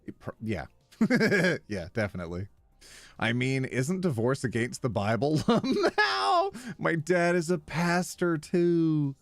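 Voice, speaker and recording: A man's voice: medium pitch, expressive, unhurried, no echo. A man streaming, casually reading online posts aloud with playful, wry commentary and easy laughter.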